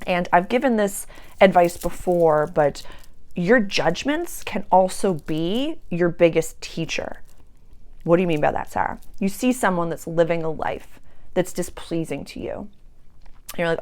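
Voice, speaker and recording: A woman's voice: on the low side, a little slow. A woman hosting her own spiritual channel, talking casually and chattily about personal growth. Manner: chatty, animated, acts out quoted voices. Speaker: spiritual coach and channel host.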